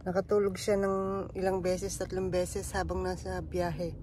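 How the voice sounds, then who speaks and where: A woman's voice: fairly low pitch, flat delivery, moderate pace, dark tone, slight background noise, rough recording. A young woman vlogging from a hotel room with her baby, chatting casually and playfully and often laughing. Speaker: vlogger, mother. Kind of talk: casual family vlog, switching to baby talk.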